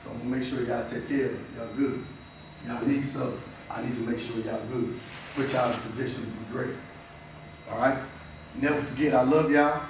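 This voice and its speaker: A man in his fifties giving an emphatic, repetitive motivational talk to a school team in a locker room, swinging between shouting and low, intense stretches. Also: fairly even intonation, fairly quick. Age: 50s. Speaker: motivational speaker. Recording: very echoey room, voice far off, faint noise.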